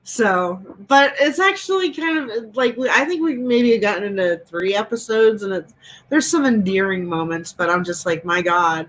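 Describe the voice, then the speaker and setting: A woman's voice: medium pitch, animated, moderate pace, a bit bright, poor audio. A woman hosting a casual chat over a video call, telling stories with a lot of laughter. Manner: chatty, laughing storyteller. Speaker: host.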